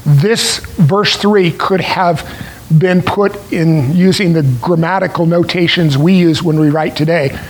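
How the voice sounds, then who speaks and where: A man preaching a sermon, explaining a scripture passage in a deliberate way with pauses. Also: on the high side, steady tone, a little hiss or hum, rough recording. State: clearing his throat.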